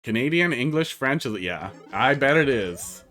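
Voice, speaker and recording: A man's voice: medium pitch, expressive, moderate pace, pushed and bright, faint music behind. A man with a Wisconsin accent, chatting casually as a streamer while he plays and answers chat. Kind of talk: casual live-stream commentary.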